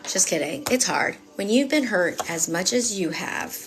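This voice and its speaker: A woman's voice: mid-range voice, expressive, a little slow. A woman giving a live-streamed tarot reading in a casual, sassy way. She swears often and repeats phrases for emphasis as she talks straight to her viewers. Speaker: tarot reader.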